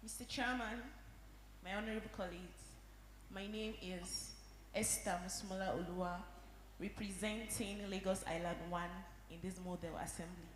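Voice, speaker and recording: A Nigerian woman speaks briefly and formally in a soft voice, seconding a motion. The room echo is strong with a long reverb and a faint hum behind. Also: mid-range voice, steady tone, moderate pace. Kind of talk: formal parliamentary address. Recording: echoey hall, faint hum.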